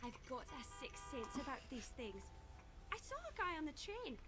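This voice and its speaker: A woman's voice: high voice, sing-song, moderate pace, over loud music. An actress voicing a chatty, overfamiliar young woman in a video game. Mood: excited. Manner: bubbly, overfamiliar. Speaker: game character.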